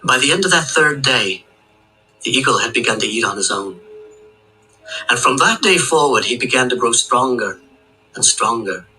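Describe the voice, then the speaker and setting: Male oral storyteller, mid-pitched and bright, flowing rhythmic telling over soft music. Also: lively intonation, normal speed, long pauses, poor audio. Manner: rhythmic, with long chains of "and". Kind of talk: oral folk tale telling.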